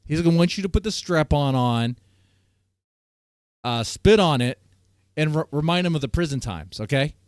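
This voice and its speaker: A man's voice: fairly high pitch, lively intonation, moderate pace, long pauses, no echo, studio quality. A man hosting a casual stream chat, joking crudely and rambling with fillers. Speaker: host.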